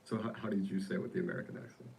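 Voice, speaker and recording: Deep gravelly interviewer, rapid delivery, mellow tone, light room hum. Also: male voice, steady tone, poor audio. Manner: quick, curious questioning, casual slang. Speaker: podcast interviewer. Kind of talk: casual podcast interview.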